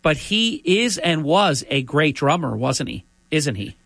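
A man's voice: on the high side, animated, a little slow, vocal fry, a bit bright, no room sound. A man hosting an interview, asking long, rambling questions. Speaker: host.

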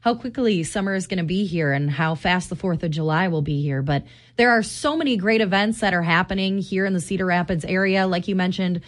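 A woman's voice: lowish voice, brisk. A woman co-hosting a morning radio show, bubbly and laughing a lot as she explains contests and lists local events. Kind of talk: upbeat radio banter. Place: radio studio.

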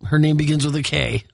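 A man's voice: a little high, vocal fry, dry recording. A man with a Minnesotan accent co-hosting a morning radio show, chatty and laughing often as he reads station announcements in a studio. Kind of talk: casual on-air banter. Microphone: studio microphone.

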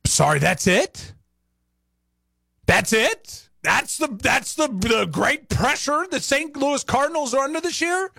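A man's voice: very high voice, animated, slow, creaky, pushed and bright, no room sound, studio quality. A man hosting a sports talk show, ranting with rhetorical questions in opinionated commentary.

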